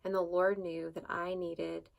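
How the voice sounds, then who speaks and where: A woman's voice: on the low side, flat delivery, a little slow, gravelly. A woman hosting a devotional talk who shares a personal faith story in a loose, conversational way, with many fillers and restarts. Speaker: devotional podcast host.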